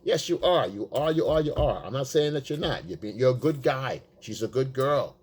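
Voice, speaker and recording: A man giving casual, profane dating advice, emphatic and blunt, acting out quotes in a high voice. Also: expressive, normal speed, slightly rough. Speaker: dating coach. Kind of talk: casual coaching monologue.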